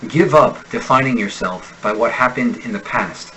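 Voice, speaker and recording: A man with a General American accent, an accent instructor reading example sentences and single words slowly and deliberately in a pronunciation lesson. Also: medium pitch, bright, forceful tone, a little hiss or hum, poor audio. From United States. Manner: slow, deliberate enunciation of sample words.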